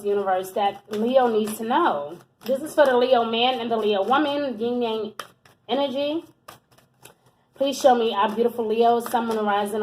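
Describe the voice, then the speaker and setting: A woman with a high, light voice reads tarot cards for her viewers. She talks in an affectionate, encouraging way and keeps checking in with "okay?" and "my love.". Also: poor audio. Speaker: tarot reader. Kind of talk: tarot reading monologue to camera.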